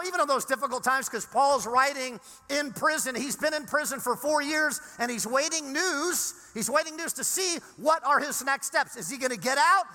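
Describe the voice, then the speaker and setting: A male pastor from Southern California preaching a sermon in a casual, animated way, with frequent restarts. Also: extremely high pitch. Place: large church sanctuary. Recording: long reverb in a church hall.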